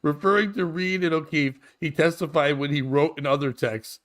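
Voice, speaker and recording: A man's voice: fairly high pitch, steady tone, moderate pace, a bit bright. A man hosting a casual comedic chat show, reading out texts, mocking them crudely and laughing often. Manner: reads out texts and riffs on them. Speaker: host.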